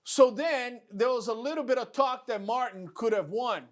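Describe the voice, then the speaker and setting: A man's voice: extremely high pitch, normal speed. A man hosting a casual talk show, telling stories and mimicking other people's lines. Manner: animated storyteller, mimics others. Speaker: podcast host. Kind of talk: casual bodybuilding chat.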